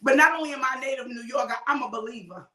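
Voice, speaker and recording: A woman with a New York accent preaching fiercely as a show host, hammering home repeated declarations and often shouting. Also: high-pitched, very fast, distant mic. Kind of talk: fiery preaching. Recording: echoey room, voice away from the mic.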